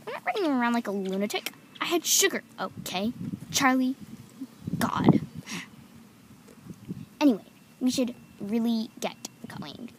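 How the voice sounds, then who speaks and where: A woman voicing every figure in a homemade toy-figure story, excitable and giggly as she jumps between playful character voices. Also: on the high side, a little slow, long pauses, background noise. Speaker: toy video creator voicing all figures.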